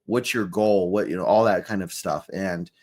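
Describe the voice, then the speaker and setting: A man's voice: deep voice, moderate pace, darkish tone. A man hosting a podcast, chatting casually with a laid-back manner. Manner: laid-back, many fillers, chuckles. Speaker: podcast host. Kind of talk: casual interview chat.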